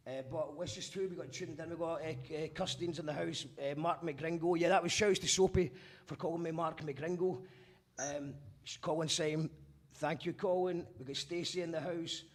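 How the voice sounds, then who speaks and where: A man's voice: a little high, steady tone, moderate pace. A man with a Glaswegian accent hosting a casual live-stream interview, chatty and loose with the odd swear word. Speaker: radio host. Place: abroad, streaming live remotely.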